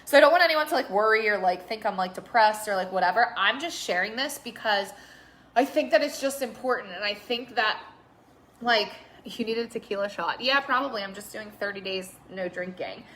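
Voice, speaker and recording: A woman's voice: medium pitch, a little fast, fairly bright tone, slight background noise. A young woman talking candidly on a live stream, rambling with lots of filler words and some swearing. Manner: reads out viewer comments. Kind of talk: casual Facebook Live chat.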